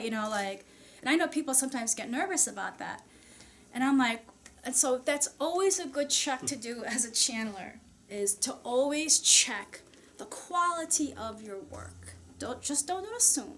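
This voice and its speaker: A woman's voice: sits high, expressive, moderate pace, fairly bright tone, a little hiss or hum. A woman channeler speaking to an audience in a casual, chatty way, full of fillers and small laughs. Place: society meeting room.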